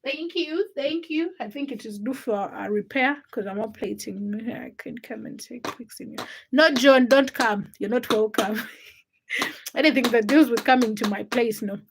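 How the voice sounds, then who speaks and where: A woman's voice: on the high side, a little slow, a little hiss or hum. A woman from Uganda hosting a casual livestream from home, greeting viewers by name and answering their comments as she chats. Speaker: livestream host.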